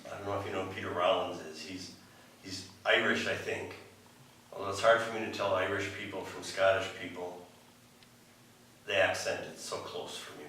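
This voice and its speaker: A man's voice: low-pitched, pushed and bright, distant mic, a little hiss or hum. Conversational male preacher in an echoey church. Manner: conversational, rambling with restarts and asides. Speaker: pastor. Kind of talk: sermon. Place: church sanctuary.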